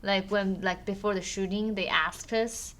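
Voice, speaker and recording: Young chinese-accented woman, bright crisp voice, earnest, restarts a bit as she explains. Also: mid-range voice, fairly even intonation, a little slow. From Yangzhou, China. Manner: earnest, explains carefully with some hesitant restarts. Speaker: guest. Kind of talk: casual chat.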